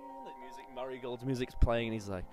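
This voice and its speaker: A man co-hosting a TV review chat, animated, swearing and laughing a lot. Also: medium pitch, quick pace, music in the background. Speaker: podcast co-host reviewing TV. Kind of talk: casual chat.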